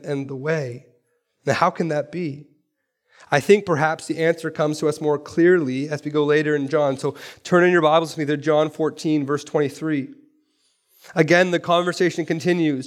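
A high-voiced man preaching to his congregation in a church. He drives his points home with rhetorical questions and repeated phrases, in an animated way. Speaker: pastor. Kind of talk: sermon.

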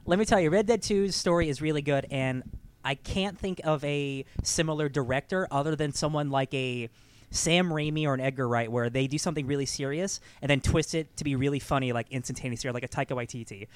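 A man co-hosting a podcast in casual chat, telling stories in a rambling, animated way with many fillers. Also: fairly high pitch, fairly quick, clear, resonant tone. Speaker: podcast co-host.

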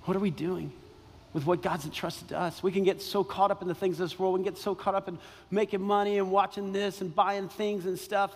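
A man preaching in a high, ringing voice, building his points through repeated phrases and long pauses. His sermon carries the long reverb of a large church sanctuary. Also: level tone. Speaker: pastor.

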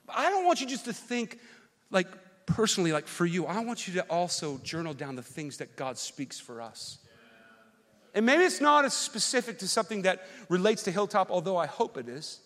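Animated pastor preaching in a reverberant hall. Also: male voice, sits high, moderate pace. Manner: animated storytelling, swinging loud to soft. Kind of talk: sermon with personal story.

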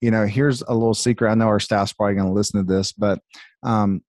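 A Southern US man who hosts a podcast and leads a business chats in a friendly, filler-heavy way during a casual conversation. His lowish, darkish voice stays fairly even in intonation and moves fast, recorded dry with no room sound.

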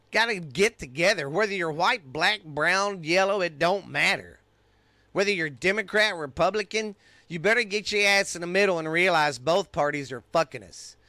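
A man's voice: fairly high pitch, sharp tone, no echo. A middle-aged man with a Texan accent, hosting a podcast and delivering an angry, profane rant in his own voice. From United States. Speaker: podcast host. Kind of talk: ranting monologue.

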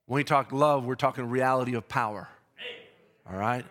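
A man preaching a sermon, building to shouted peaks and dropping to slow, hushed reading, with emphatic repetition. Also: medium pitch.

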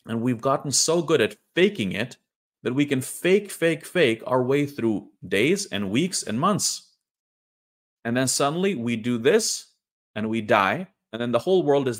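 A man's voice: mid-range voice, animated, fairly bright tone. Earnest young man speaking candidly. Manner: earnest, raw, halting with restarts. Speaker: online creator sharing personal story. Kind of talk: candid personal monologue.

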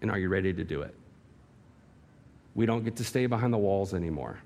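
A man's voice: deep voice, expressive, a little fast, darkish tone. A male pastor preaching a sermon in a church hall, emphatic and full of rhetorical questions and vivid illustration.

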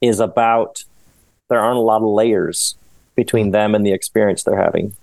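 Animated, rambling man, dry sound. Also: lowish voice, normal speed, vocal fry, no echo. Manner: rambling, animated, laughs often. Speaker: author and guest. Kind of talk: casual podcast conversation.

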